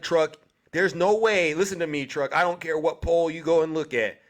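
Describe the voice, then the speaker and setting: A man hosting a livestream political debate, animated and lecturing, repeating a guest's name. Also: on the high side, normal speed. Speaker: livestream host.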